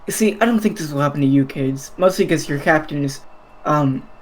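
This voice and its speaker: A game master voicing a wry, teasing middle-aged female ruler in a tabletop role-play, dry and unhurried. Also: medium pitch, lightly acted, low-quality recording.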